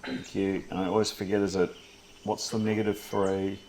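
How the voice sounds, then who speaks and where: A man's voice: low voice, flat delivery, a little fast, darkish tone, a little hiss or hum. A man acting as game master, running a tabletop role-playing session with short, clipped rulings.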